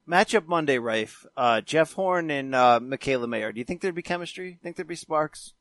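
A man's voice: on the high side, lively intonation, moderate pace, fairly bright tone, no room sound. A man hosting a casual sports chat, tossing questions to his co-host with easygoing fillers. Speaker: podcast host.

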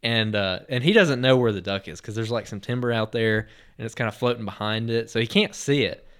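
A podcast host with a clear, resonant, medium-pitched voice tells a lively story at a brisk clip. It's a meandering, filler-packed retelling with many restarts, delivered in a relaxed, conversational way.

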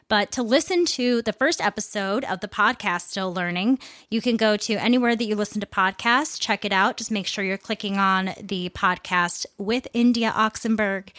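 A woman's voice: mid-range voice, fairly bright tone, dry recording, studio quality. A woman hosting her own news podcast, talking candidly and casually and swearing now and then. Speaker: podcast host. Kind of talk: casual solo podcast monologue.

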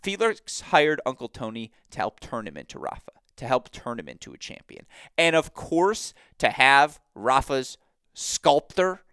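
A man hosting a podcast in a casual sports-analysis chat, talking in an animated, emphatic way and laughing easily. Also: medium pitch, measured pace, smooth, no echo, clean studio sound. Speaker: podcast host.

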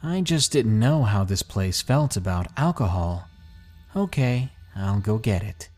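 A man's voice: lowish voice, sing-song, measured pace, darkish tone, faint music behind. Pushy creepy date, as a man reads him. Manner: insistent, coaxing.

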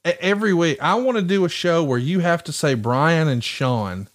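His voice runs a little high with lively intonation at normal speed, carrying the Southern accent of his Alabama roots. The middle-aged man co-hosts a casual wrestling show, sounding enthusiastic, teasing, and occasionally swearing.

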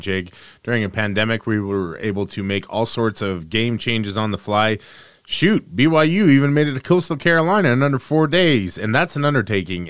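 A man co-hosting a sports podcast over a remote setup, talking casually in a joking, facetious, animated way. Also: fairly low pitch, clear, resonant tone, dry recording, studio quality. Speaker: podcast co-host. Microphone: remote call setup.

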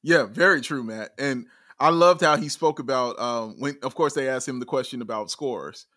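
A man co-hosting a casual sports talk show, excitable, laughing often and raising his voice when thrilled. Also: medium pitch, moderate pace, dry recording, clean studio sound. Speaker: podcast co-host.

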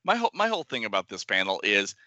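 A man's voice: fairly low pitch, huge pitch swings, very fast, pushed and bright, no echo. A man co-hosting a casual chat who jokes and laughs often. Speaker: podcast co-host.

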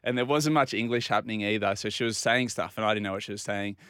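Speaking fast in a lowish, fairly bright and clean voice, an Australian man shares a self-deprecating story on the radio. He's relaxed and acts out the quoted lines, and the studio sound is clean with no echo.

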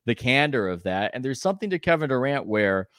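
A man, a sports reporter guest on a podcast, telling stories in a chatty way with quick asides and restarts. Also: medium pitch, sing-song, a bit bright, no room sound, studio quality. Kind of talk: conversational podcast interview, storytelling.

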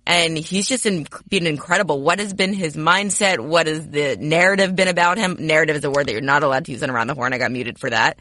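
A man hosting a casual sports podcast, asking brisk questions with a joking aside. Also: a little high, sharp tone, no room sound. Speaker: podcast host.

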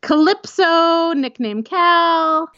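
A woman's voice: extremely high pitch, very slow, pushed and bright, muffled recording. A woman co-hosting a podcast, leading the topics and making dry, teasing asides. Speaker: podcast co-host. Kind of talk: casual podcast chat.

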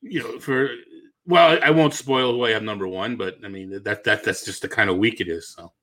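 A man's voice: fairly low pitch, normal speed, bright, forceful tone. A man with a Boston accent co-hosting a casual fantasy baseball podcast, often restarting and trailing off as he talks. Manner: hesitant, restarts and trails off, laughs easily. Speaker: podcast co-host.

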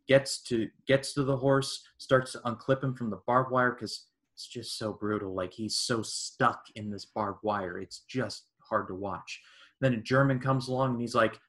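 A man's voice: fairly low pitch, fairly even intonation, normal speed, a bit bright. A man, a podcast host, chatting casually about a film and retelling scenes with little quoted voices. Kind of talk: casual movie discussion.

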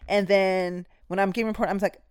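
A woman's voice: mid-range voice, steady tone, a little fast, a little mellow, smooth, no echo, studio quality. A woman nurse hosting a podcast, telling work stories in a direct, emphatic, casual way and speaking straight to her listeners. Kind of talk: casual instructive storytelling.

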